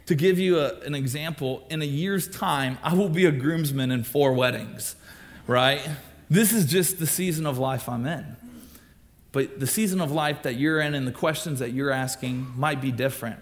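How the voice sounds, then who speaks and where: Young male youth pastor, sermon delivery, slightly higher voice, animated, acts out quotes. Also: moderate pace. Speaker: student ministry pastor.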